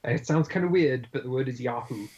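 A man's voice: mid-range voice, fast talker, darkish tone, muffled recording. A man co-hosting a podcast, discussing a film in a thoughtful, analytical way with some hesitation. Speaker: podcast co-host.

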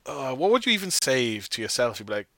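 Jokey man with a bright voice. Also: mid-range voice, big pitch swings, fast, creaky, no echo. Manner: jokey, rambling, acts out quotes. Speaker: podcast co-host. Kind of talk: casual film discussion.

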